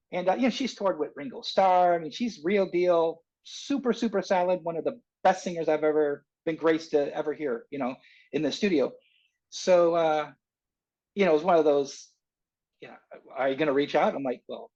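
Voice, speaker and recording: A man, a singer-songwriter guest, telling a long story in a casual interview, rambling and animated with many restarts. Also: fairly high pitch, dull audio.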